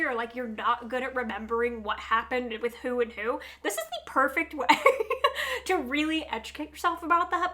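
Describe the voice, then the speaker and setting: A woman's voice: sits high, bright, forceful tone. A young adult woman chatting casually about upcoming books, gushing and filler-heavy, a little stuffy from allergies. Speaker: book vlogger. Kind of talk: casual chat.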